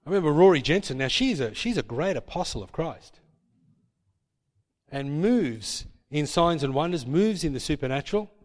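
A man's voice: on the high side, lively intonation, normal speed. A man preaching a sermon as pastor, emphatic and repeating his points with tag questions. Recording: long hall reverb.

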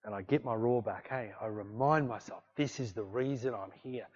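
A man preaching a sermon, exhorting with repeated refrains and swinging between loud bursts and hushed passages. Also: medium pitch, moderate pace, dull audio. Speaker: pastor.

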